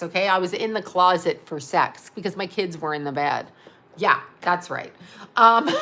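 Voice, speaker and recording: A middle-aged woman talks straight to camera in a blunt, foul-mouthed rant that wanders from point to point. She keeps cracking herself up along the way. Her voice sits a little high and rings very bright. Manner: crude, rambling, laughing at her own jokes. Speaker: vlogger. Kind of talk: blunt profane monologue.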